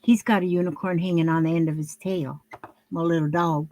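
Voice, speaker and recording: A woman's voice: fairly low pitch, steady tone, brisk, darkish tone, no echo. An older woman talking casually to camera at home while she shows her handmade crafts, rambling and homey, with lots of fillers and restarts.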